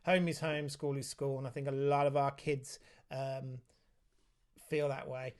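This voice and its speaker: Speaking at a medium pitch, this man has a level, slightly slow delivery and a darkish tone. He's an autism specialist running a relaxed live Q&A for parents at home, reading viewer comments aloud in a chatty way and stepping aside now and then to speak to his child.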